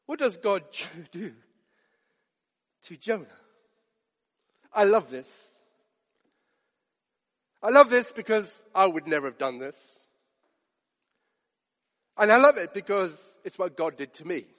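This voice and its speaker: A man with a high voice delivers a sermon, earnest and steadily building to pointed rhetorical questions. His words ring out with a long reverb trailing behind them, as in a large hall. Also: animated, slow, long pauses, fairly bright tone. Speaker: preacher.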